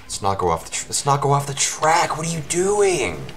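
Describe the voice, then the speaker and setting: A man giving live commentary over his own speedrun, his voice worn from shouting, talking at the game in exasperated outbursts. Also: fairly high pitch, sing-song, normal speed, faint music behind.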